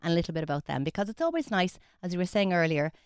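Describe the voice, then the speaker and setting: A woman's voice: on the low side, big pitch swings, rapid-fire, clear, resonant tone, no echo, clean studio sound. Irish woman tutoring French pronunciation. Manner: explains patiently, models French pronunciation. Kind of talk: radio French lesson.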